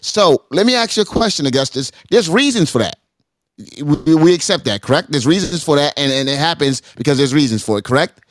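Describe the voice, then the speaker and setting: A man's voice: on the high side, lively intonation, a little fast, dry recording. Argumentative man hosting a heated debate. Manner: argumentative, repeats words when interrupting. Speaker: host. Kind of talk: heated debate on a talk show.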